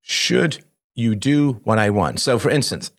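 A man's voice: medium pitch, unhurried. A man hosting a live call-in show, giving parenting advice in a conversational way, posing rhetorical questions and often asking "right?". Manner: acts out parent-child dialogue. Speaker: host answering a caller.

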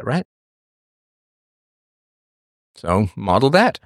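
A man's voice: mid-range voice, lively intonation, brisk, no room sound, clean studio sound. A man hosting a talk show, lecturing a caller emphatically and mocking excuses in quoted voices. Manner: emphatic, lecturing, mock-quoting others in a raised voice. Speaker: show host answering listeners. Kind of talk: emphatic monologue to a listener.

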